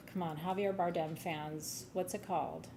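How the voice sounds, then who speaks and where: Gravelly-voiced woman gushing on a live stream. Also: fairly low pitch, steady tone, slow pace, noisy background. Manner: gushing, chatty, swears, laughs easily. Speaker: host of a live gem sale. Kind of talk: casual live-stream chat.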